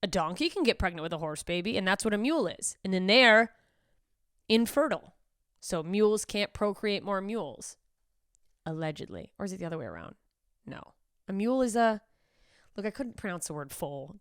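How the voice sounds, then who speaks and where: A woman comedian hosts a podcast, riffing in casual, incredulous chat and swearing freely into a close mic. Her voice sits on the lower side, and the recording is dry. She comes across as animated and profane.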